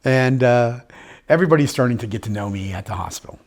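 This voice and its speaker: A man's voice: mid-range voice, fairly quick, darkish tone. A man telling his own story in an interview, upbeat and joking, acting out what others said to him. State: living with terminal illness. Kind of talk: personal storytelling.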